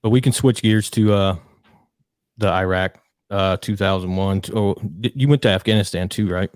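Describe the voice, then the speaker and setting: A male podcast host who feels his way through questions, full of ums and restarts. His voice sits on the low side. The recording is dry, with no room sound. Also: moderate pace, a little mellow, clear, resonant tone, dry recording. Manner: hesitant, filler-heavy questions. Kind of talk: casual interview.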